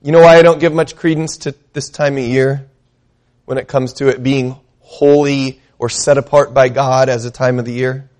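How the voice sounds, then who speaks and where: A man's voice: mid-range voice, level tone, a little mellow. A male pastor preaching a sermon, emphatic, asking his listeners questions and reading scripture aloud. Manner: emphatic, asks the congregation questions; reads scripture aloud slowly.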